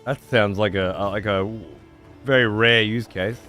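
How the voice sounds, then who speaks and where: A man streaming a video game, chatting casually and swearing freely with excitable outbursts. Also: on the low side, measured pace, soft background music. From United Kingdom. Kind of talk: casual gameplay livestream chat.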